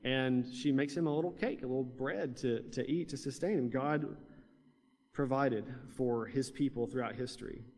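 A man's voice: medium pitch, normal speed, a little mellow. A man preaching a sermon in a conversational way, with fillers and restarts. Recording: long hall reverb.

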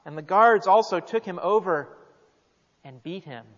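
A man's voice: sits high, measured pace, fairly bright tone. Emphatic preacher, man, echoing hall. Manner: emphatic, with repeated words. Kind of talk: sermon. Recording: dull, reverberant hall.

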